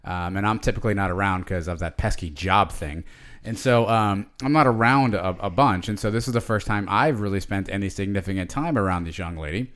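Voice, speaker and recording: A man in his forties with a fairly low voice talks loosely on a podcast. He wanders through his thoughts, piling up fillers and restarting his sentences as he goes. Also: fairly quick, fairly bright tone. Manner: rambling, with many fillers and restarts. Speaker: podcast co-host. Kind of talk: casual chat.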